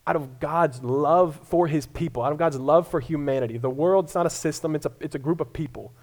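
A young man from Colorado, a pastor, gives a sermon briskly in a slightly high, slightly mellow voice. He sounds conversational and self-deprecating and keeps restarting his words with stammers.

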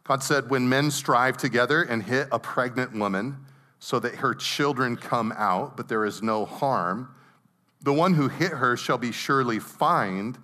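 A man's voice: mid-range voice, measured pace, pushed and bright. A middle-aged man, a pastor, preaching a sermon in a conversational way, reading scripture and telling stories.

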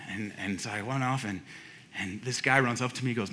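Man in his forties, pastor, bright forceful voice, casual sermon story, self-mocking laughs, lots of restarts. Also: mid-range voice, a little fast. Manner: casual, chatty, laughs at himself, many restarts.

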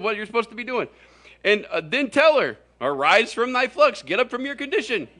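A middle-aged man from Florida gives a comic sermon to a roomful of listeners. His voice sits a little high and rings bright and forceful, and he tells stories with lively, joking energy. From Florida, USA. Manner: animated, jokey storytelling with sudden exaggerated voices. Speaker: preacher. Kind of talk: humorous sermon. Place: large room with audience.

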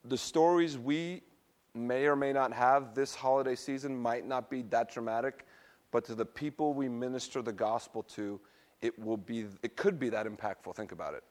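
A middle-aged pastor gives a sermon in a relaxed, medium-pitched voice that's steady and somewhat dark in tone, moving at a moderate pace. He draws on personal stories, stumbles now and then, and has a laugh at his own expense.

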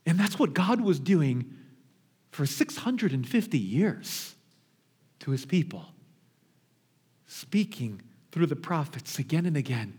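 A man in his thirties or forties preaching a sermon, telling stories and acting out scenes with lively swings in his voice. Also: takes it slowly, long pauses, husky. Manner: animated storytelling, acts out scenes with big pitch jumps. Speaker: pastor.

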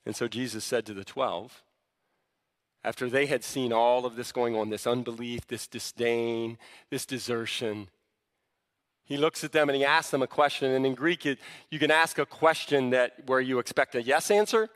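A pastor preaches a sermon, teaching conversationally and building to fervent emphasis. His medium-pitched voice is a bit bright at a moderate pace, and the recording carries the long reverb of a large hall.

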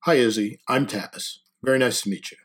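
A man's voice: medium pitch, normal speed, a bit bright, husky. A man voicing a nervous, earnest teenage boy in an audiobook reading, fumbling and pleading.

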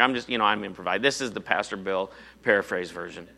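A man preaching a sermon in a conversational, animated way, full of rhetorical questions to his congregation. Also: lowish voice, fast talker, creaky. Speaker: pastor.

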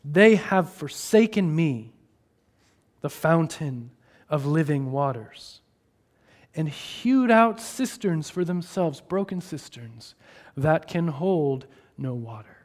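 A man preaching a sermon, moving between hushed, drawn-out phrases and raised, emphatic ones. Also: a little high. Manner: expressive, shifting between hushed and raised delivery.

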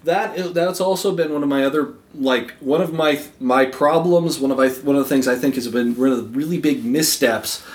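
A man chatting casually about films as a podcast co-host, often stopping and restarting his sentences. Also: mid-range voice. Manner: halting, many restarts. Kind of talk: casual film discussion. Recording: roomy echo.

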